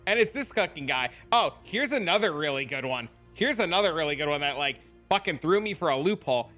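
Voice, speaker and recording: A young man chatting casually on a game stream, telling stories with a lot of energy and swearing offhandedly. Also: high-pitched. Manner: animated storytelling, laughs often, swears casually.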